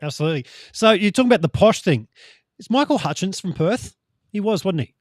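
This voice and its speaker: A middle-aged Australian man hosting a casual podcast chat, easygoing and quick to agree. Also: sits high, lively intonation, dry recording, clean studio sound. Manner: easygoing, laughs along and agrees often. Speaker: podcast host.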